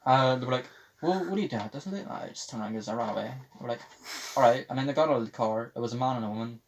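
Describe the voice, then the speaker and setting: Rapid-fire delivery marks this young podcast host, whose mid-range voice stays steady while he spins a rambling, foul-mouthed story and acts out other people's lines in quotes. The recording carries faint background noise.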